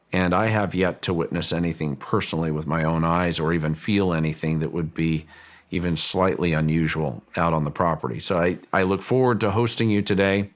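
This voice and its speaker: Deep-voiced middle-aged guy telling a story, keeps repeating words, kinda halting. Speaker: property owner telling a story. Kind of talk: recounted personal story, interview-style.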